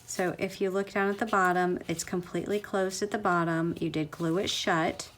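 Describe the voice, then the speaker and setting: A woman's voice: on the low side, fairly even intonation, normal speed, slight background noise. A woman walking through a paper craft project step by step in a chatty tutorial, often gushing about how cute it turns out. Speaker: craft demonstrator.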